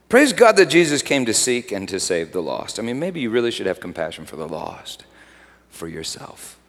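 A man preaching a sermon as pastor, swinging from hushed asides to loud emphatic peaks. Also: lowish voice, very animated, moderate pace. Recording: long hall reverb.

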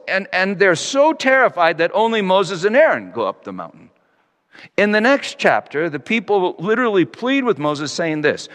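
A man preaching a sermon in a reflective way, slowing down to stress key phrases. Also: a bit bright. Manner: reflective, wide-ranging pitch, slows for emphasis. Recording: long reverb of a hall.

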